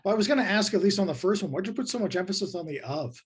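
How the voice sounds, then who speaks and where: A man's voice: sits high, expressive, rapid-fire, husky. A man co-hosting a casual comedy podcast over a video call, making dry sarcastic wisecracks. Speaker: podcast co-host.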